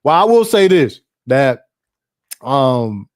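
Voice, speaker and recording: A man's voice: medium pitch, very animated, slow. A middle-aged man hosting a livestream, reading chat and telling stories in a loose, profane way, laughing often and repeating himself.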